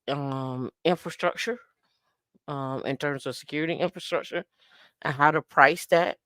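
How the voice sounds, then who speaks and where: Lady hosting a live stream, playful and chatty, lowish smooth voice, dry sound. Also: a bit bright, no room sound. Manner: playful, sings and imitates dancehall sounds. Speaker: host. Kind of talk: casual livestream chat.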